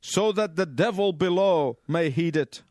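A man preaching a sermon in measured, emphatic phrases, pausing for his interpreter. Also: a little high, darkish tone, no room sound, clean studio sound.

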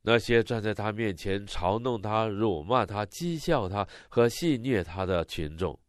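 Low, lively male sermon interpreter. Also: a little slow, no room sound, clean studio sound.

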